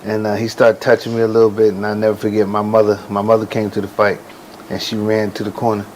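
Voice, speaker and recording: A man's voice: on the low side, little pitch movement, fast talker, a little mellow, low-quality recording. Man in his 40s, casual storyteller, laid-back slang, faint hiss behind. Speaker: boxer and ring announcer, guest.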